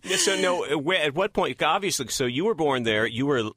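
A man's voice: fairly high pitch, animated, brisk, sharp tone, no echo, studio quality. A man from Texas who hosts a talk show, chatting casually, rambling and chuckling through his questions. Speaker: podcast host. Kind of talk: casual interview chat.

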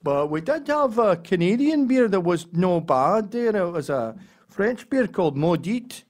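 A man's voice: sits high, big pitch swings, unhurried, darkish tone, pitched above the performer's own voice. A man doing a raised uncle voice. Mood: earnest. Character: earnest Glaswegian uncle, beer enthusiast.

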